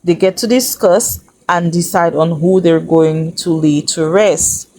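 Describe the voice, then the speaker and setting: Hosting a reality TV recap, a woman chats to viewers in a sassy, casual way. Her voice is fairly low and darkish, and she speaks unhurriedly.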